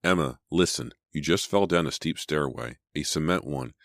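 A man's voice: extremely low pitch, moderate pace, creaky, a bit bright, no room sound, clean studio sound, heavily acted. A man doing a defensive teenage girl. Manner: pleading and protesting.

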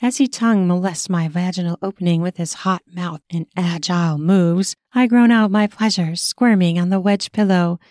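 A woman narrating a first-person erotic audio story in a slow, sensual reading voice. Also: fairly low pitch, darkish tone, no echo, studio quality.

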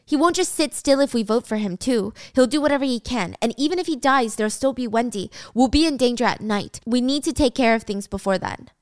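A woman's voice: fairly high pitch, animated, fairly quick, few pauses, no echo, studio quality, lightly acted. A woman reading a blunt, suspicious teen boy. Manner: blunt, commanding. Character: suspicious, hard-headed teenage boy.

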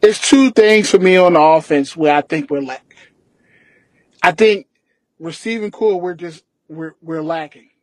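A man's voice: a little high, a little slow, no echo. A man co-hosting a sports podcast, ranting emphatically in casual talk. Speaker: podcast co-host.

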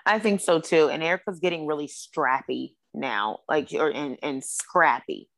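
A woman co-hosting a casual podcast chat about reality TV, blunt and sarcastic, with quick asides. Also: deep voice, creaky, a bit bright. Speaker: podcast co-host.

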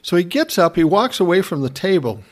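Brief: middle-aged guy, wry storyteller, laughs a lot, lively pitch. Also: a little fast. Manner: wry, laughing, self-described smart aleck. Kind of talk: casual storytelling.

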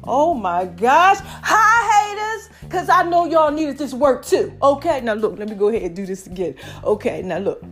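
Woman vlogger, high voice, playful and laughing, casual pep-talk delivery to viewers. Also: sing-song, normal speed, hardly any pauses, fairly bright tone, faint music behind. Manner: playful, laughing, calls viewers "baby" and "y'all". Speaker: vlogger giving life advice.

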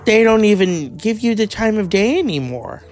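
A man's voice: sits high, animated, moderate pace, darkish tone, voice pushed up. A man doing a crude, blunt impression of a brash, foul-mouthed dead actress, with faint music behind. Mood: mocking.

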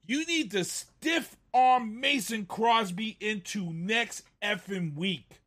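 Fired-up sports show guy ranting about a play, high bright voice, keeps repeating himself. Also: slow pace. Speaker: sports talk show host. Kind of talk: casual sports commentary.

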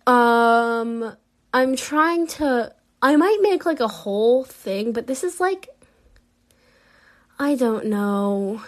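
A woman's voice: on the high side, expressive, takes it slowly, long pauses. A young woman casually rambling through a vlog, incredulous and laughing often, with lots of fillers. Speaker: vlogger. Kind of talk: casual unscripted commentary.

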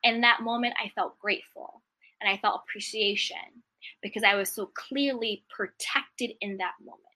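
Bright-toned woman doing a casual self-help vlog, earnest, repeats affirmations a lot. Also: medium pitch, steady tone, normal speed. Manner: earnest, repetitive affirmations, acts out complaining voices. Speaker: self-help video host. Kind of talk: casual motivational monologue.

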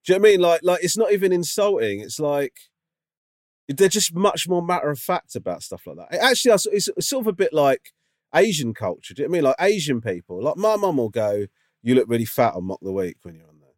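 Male co-host, rambling storyteller with a lively delivery, dry close recording. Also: on the high side, fast talker, dry recording. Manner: rambling storyteller, lots of fillers. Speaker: podcast co-host. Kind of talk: casual chat.

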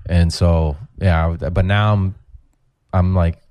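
A man's voice: deep voice, slow, dry recording. A comedian in his forties, telling rambling, profane stories in a casual podcast chat. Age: 40s. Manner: profane, rambling, animated storytelling. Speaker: comedian guest.

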